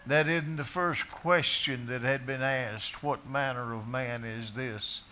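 Man preaching, slow deliberate delivery, bright edge, quiet to booming quotes, faint room ambience. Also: steady tone, a little hiss or hum. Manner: dramatic swings from quiet to shouted quotes. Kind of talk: sermon. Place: bar.

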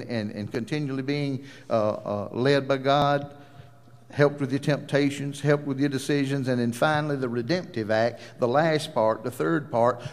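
A middle-aged male pastor preaches at an outdoor service. His voice sits in an ordinary middle pitch and carries a long, hall-like reverb. He repeats his lines for emphasis and acts out quoted conversations in a homespun way. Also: darkish tone. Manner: folksy, repeats phrases, quoting dialogue. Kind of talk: sermon with altar call and prayer.

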